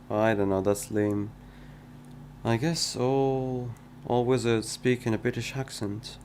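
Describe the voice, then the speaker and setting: Man, game dev streamer, unhurried and low, reads chat aloud and muses back, faint hum behind. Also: flat delivery, a little mellow. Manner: reads viewer messages aloud and replies, hesitant and musing. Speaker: indie game developer streaming his work. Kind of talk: casual live-stream chat.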